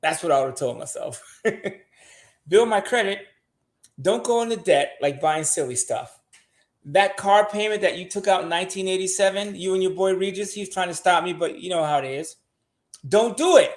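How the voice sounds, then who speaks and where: A man's voice: sits high, lively intonation, moderate pace. An older man, a show regular, giving blunt money advice in casual podcast talk and swearing freely.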